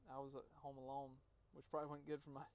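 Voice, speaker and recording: A man hosting a podcast, telling a personal story in an earnest, emotional way, halting and restarting as he talks. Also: medium pitch, completely flat delivery, a little hiss or hum. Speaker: podcast host. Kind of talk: personal story, casual monologue.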